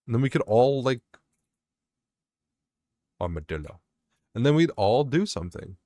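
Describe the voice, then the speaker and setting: A man's voice: medium pitch, sing-song, moderate pace, long pauses, warm tone, no echo, clean studio sound. A young man rambling and swearing as he vents about work over his gameplay commentary. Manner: rambling, swearing, venting, self-mocking. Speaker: gaming vlogger.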